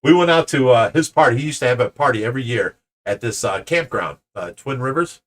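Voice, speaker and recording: A man's voice: mid-range voice, lively intonation, brisk, a bit bright. A middle-aged man from Ohio hosting a fish rescue channel, rambling through a story and acting out both sides of an argument. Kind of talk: casual storytelling to viewers.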